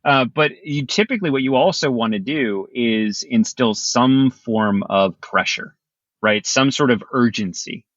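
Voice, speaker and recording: A man's voice: mid-range voice, measured pace, a bit bright, no echo, dull audio. A man, explaining security topics in a casual panel chat and laughing often. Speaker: security expert.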